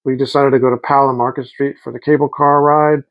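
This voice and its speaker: A man's voice: mid-range voice, level tone, fast, lo-fi sound. A middle-aged man telling rambling, enthusiastic stories in a casual vlog. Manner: rambling, enthusiastic, quotes people in voices. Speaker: vlogger.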